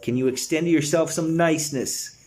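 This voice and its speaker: A man's voice: fairly high pitch, fairly quick, a little mellow. A man leading a guided breathwork session, earnest and encouraging, talking in a casual, slangy way to his listeners. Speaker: breathwork facilitator.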